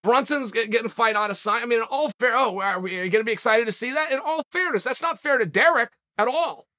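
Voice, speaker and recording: A man's voice: extremely high pitch, lively intonation, fast, pushed and bright. A man hosting a sports podcast, giving a casual commentary monologue with emphatic, punchy rhetorical delivery. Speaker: MMA podcast host.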